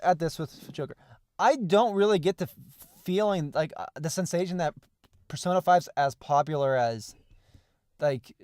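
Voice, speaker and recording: A man's voice: a little high, darkish tone, no echo, studio quality. A man co-hosting a podcast, rambling casually and restarting his words as he talks. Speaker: podcast co-host. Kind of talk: casual chat.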